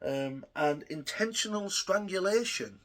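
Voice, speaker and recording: A young man rambles through a story for his vlog, filling it with ums and swearing freely. His voice sits a little high for a man. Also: animated, unhurried, a bit bright. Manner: rambling, profane, frequent ums. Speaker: vlogger.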